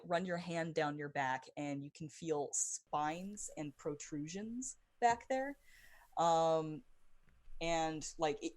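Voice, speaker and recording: Low-voiced woman narrating a tabletop game. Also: a little mellow, no echo. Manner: descriptive with many fillers. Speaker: game master.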